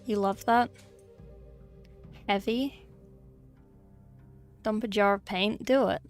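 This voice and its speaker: A young Englishwoman who streams herself painting miniatures chats wryly and at length with her livestream audience. Her mid-range voice is steady and slow, with faint music playing behind her.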